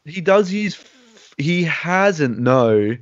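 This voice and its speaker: A man's voice: on the high side, animated, extremely slow, a little hiss or hum. A man hosting a casual podcast chat, hesitant and full of restarts as he hedges his opinions. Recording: dull, lo-fi, dry sound.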